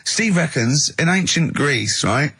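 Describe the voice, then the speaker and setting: A man's voice: fairly high pitch, animated, unhurried, very noisy. A man hosting a radio comedy show in a studio, teasing his co-hosts and spinning exaggerated stories with big laughs. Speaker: radio host. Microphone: studio microphone.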